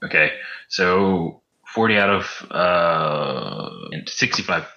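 A man's voice: low-pitched, very animated, slow, gravelly, lo-fi sound, noisy background. A man playing in a tabletop game, talking casually as he rolls dice. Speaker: player.

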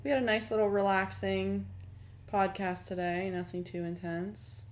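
A young woman co-hosting a podcast in casual chat, playful and teasing, with quick interjections. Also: medium pitch, flat delivery. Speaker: podcast co-host.

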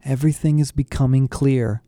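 A man voicing an awestruck young man who speaks in a hushed, quiet way, in an audiobook. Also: medium pitch, fairly even intonation, normal speed, no echo, close to an everyday voice. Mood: awed. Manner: hushed, awed.

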